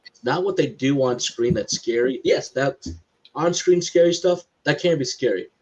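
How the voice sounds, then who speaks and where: A man's voice: mid-range voice, normal speed, background noise. A man co-hosting a casual live stream, giving emphatic and opinionated film takes. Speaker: podcast co-host. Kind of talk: casual chat. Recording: slightly dull lo-fi audio.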